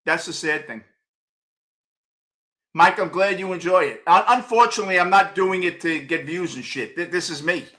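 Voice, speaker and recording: A man in his sixties with a New York accent, hosting a fan postgame show, ranting bluntly and profanely and often shouting while he answers viewers' chat. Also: sits high, moderate pace. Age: 60s.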